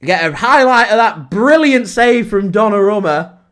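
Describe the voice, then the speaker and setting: Guy doing live match commentary for his fan stream, fairly high voice, gets loud and excitable when it kicks off. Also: normal speed. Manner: excitable, shouts and laughs in disbelief at big moments. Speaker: football fan channel host.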